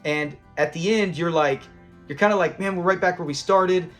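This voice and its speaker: A man hosting a review channel, casually recapping a sitcom episode, animated and acting out the characters' lines with bursts of laughter. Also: high-pitched, moderate pace, soft background music. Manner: animated, acts out quoted lines and laughs while retelling.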